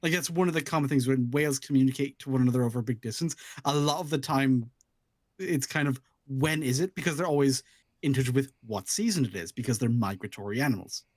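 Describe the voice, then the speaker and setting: Calm explaining man, dry close sound. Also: mid-range voice, no echo. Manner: measured, explanatory. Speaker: podcast co-host. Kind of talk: casual chat.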